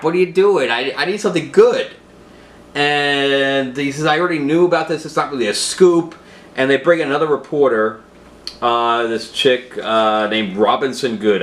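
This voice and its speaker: A man's voice: fairly low pitch, fairly bright tone, reverberant. A man casually talking through a comic book review, rambling with frequent filler sounds and restarts.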